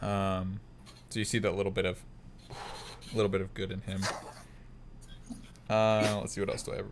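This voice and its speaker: A young man co-hosts a loose film review chat, rambling through scenes and laughing as he goes. His voice sits a little low, with a faint room ambience behind him. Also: flat delivery, background noise. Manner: rambling, laughs often, quick quoted impressions of film lines. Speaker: podcast co-host.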